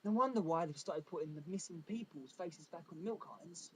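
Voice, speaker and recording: A man performing a stand-up comedy routine with deadpan, self-deprecating asides. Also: fairly high pitch, fairly quick, slight background noise, poor audio.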